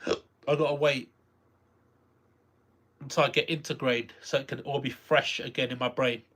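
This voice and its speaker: A streamer casually reacting live to a game, excitable, repeating phrases and exclaiming. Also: medium pitch, a little slow.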